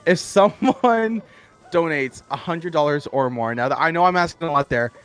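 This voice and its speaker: A young man calls a speedrun race in a relaxed, chatty voice, laughing often between comments. He sounds like he is on a headset mic. Faint game music runs underneath. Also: a little high, normal speed, clean tone. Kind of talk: live esports commentary.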